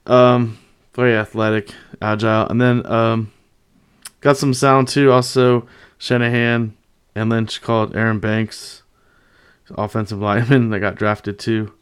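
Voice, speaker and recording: A man's voice: lowish voice, level tone, unhurried, clean tone. A man hosting a casual sports commentary, upbeat and loose with plenty of fillers. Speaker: podcast host.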